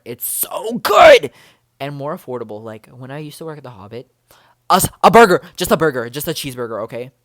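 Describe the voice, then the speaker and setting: A young man talks straight into a close, dry mic, bubbly and rambling, tumbling from one excited exclamation to the next. His voice sits at an ordinary middle pitch, and the casual vlog chatter is packed with fillers and restarts. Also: dry recording. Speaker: vlogger.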